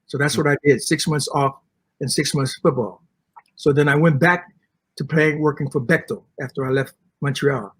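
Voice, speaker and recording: An older man with a slightly husky, higher-pitched voice tells stories with relish, acting out the people he quotes. He sounds like an interview guest at a convention. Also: moderate pace. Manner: animated storyteller acting out quotes. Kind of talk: storytelling interview. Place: comic convention.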